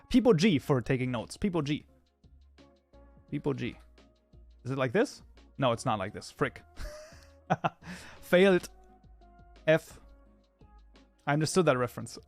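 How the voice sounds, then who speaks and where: A man with a slightly high voice chats with his stream audience, reads messages aloud and mutters through his code. The sound is close and dry, with faint music behind him. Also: dry recording. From Germany. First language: German. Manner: chatty, reads chat aloud and mutters while debugging. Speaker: livestreamer and programming tutor. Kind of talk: casual live-stream chat while coding.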